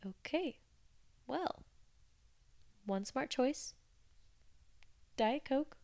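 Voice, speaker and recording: A woman's voice: sits high, expressive, very slow, vocal fry, a little mellow. A young woman hosting a podcast, chatting casually and with amusement as she retells odd customer stories. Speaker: podcast host. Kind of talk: casual storytelling monologue.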